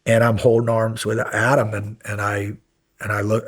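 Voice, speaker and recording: Husky-voiced man telling a war story. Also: on the low side, normal speed. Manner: animated storyteller, dropping to quiet intensity. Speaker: podcast guest, former Navy SEAL. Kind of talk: casual storytelling interview.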